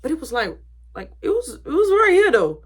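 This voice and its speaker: A woman's voice: high-pitched, wildly swooping pitch, normal speed. A woman telling a story in a casual, dramatic way, swearing freely.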